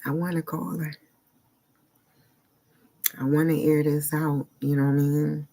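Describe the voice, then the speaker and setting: A man talking earnestly in a personal vlog monologue, searching for words in short halting phrases and sounding emotionally unsettled. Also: fairly high pitch, level tone, vocal fry, warm tone. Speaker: vlogger.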